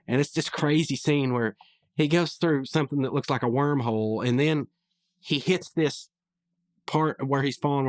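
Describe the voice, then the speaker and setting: A man's voice: medium pitch, dry recording. Male podcast host, casual rambling recap, dry close sound, mid-range voice. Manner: rambling, with many restarts and fillers.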